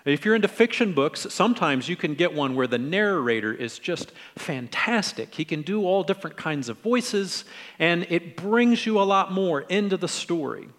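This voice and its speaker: A middle-aged man preaching a conversational sermon in a relaxed, friendly way, acting out quoted lines in different tones. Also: high-pitched, moderate pace, in a large hall. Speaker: pastor.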